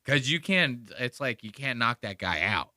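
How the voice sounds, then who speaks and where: Bright-voiced man ranting on a podcast. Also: medium pitch, lively intonation, unhurried, no echo, clean studio sound. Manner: profane, mocking rant. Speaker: podcast host. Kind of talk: casual commentary on a played clip.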